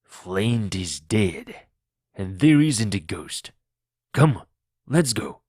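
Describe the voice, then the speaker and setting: A hardened pirate captain barks firm orders, as a man puts him on in a storybook reading. The voice sits low and moves slowly. The sound is dry and close, with no room around it. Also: sing-song, a little mellow, breathy edge, dry recording, full character voice. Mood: commanding. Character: hardened one-legged male pirate leader, commanding. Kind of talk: audiobook reading for learners.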